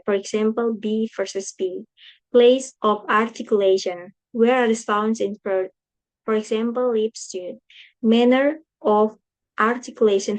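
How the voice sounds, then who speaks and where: A woman's voice: fairly high pitch, low-quality recording. Young Indonesian woman reading coursework aloud. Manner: careful, halting reading with slips and restarts. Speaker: student presenting coursework. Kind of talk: read-aloud class presentation.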